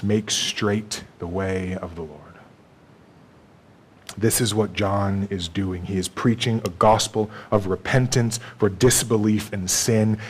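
A man preaching a sermon in a conversational way, acting out bits of dialogue and laughing with the congregation. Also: on the low side. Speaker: pastor.

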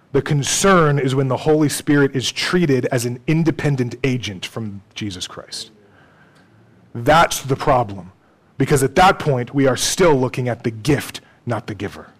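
A pastor with a mid-range voice preaches a conversational sermon, frequently checking in with his congregation. His humor is dry and self-deprecating, and the recording is rough.

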